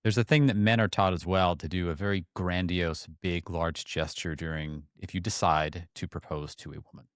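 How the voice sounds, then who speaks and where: Man, podcast co-host, low voice, earnest, animated, dry close mic. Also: normal speed, few pauses, clear, resonant tone, no room sound. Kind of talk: casual discussion.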